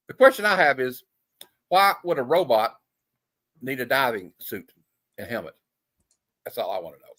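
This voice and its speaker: Guy hosting a comic stream, laughs a lot, super lively voice. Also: medium pitch, normal speed, pauses often. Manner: jokey, laughs often, reads panels in put-on voices. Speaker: comic show host. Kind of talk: casual chat reading comic panels aloud.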